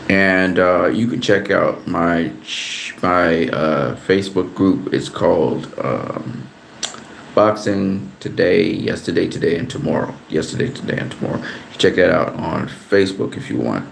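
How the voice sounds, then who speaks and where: Low gravelly-voiced man talking boxing. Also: unhurried, reverberant, a little hiss or hum. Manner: relaxed, rambling, repeats words. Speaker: boxing commentator. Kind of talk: casual boxing analysis vlog.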